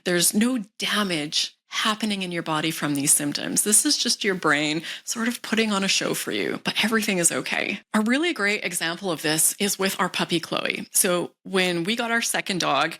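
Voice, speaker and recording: Gentle, reassuring woman coach. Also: on the low side, moderate pace. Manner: calm, gentle, reassuring, drops into soft whispers. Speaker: wellness coach. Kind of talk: instructional talk to camera.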